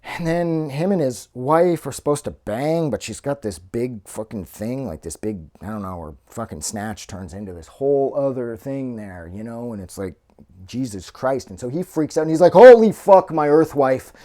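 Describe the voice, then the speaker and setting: A man's voice: medium pitch, animated, normal speed, warm tone. A man giving a casual spoken movie review, rambling and heavily profane, with loose phrasing full of fillers and restarts.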